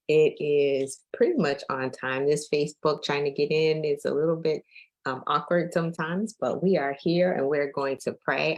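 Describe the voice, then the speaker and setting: A woman's voice: deep voice, low-quality recording. A woman faith coach leading a live-streamed daily prayer, speaking conversationally, welcoming listeners and repeating her invitations, with some fillers. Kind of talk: live-streamed devotional talk.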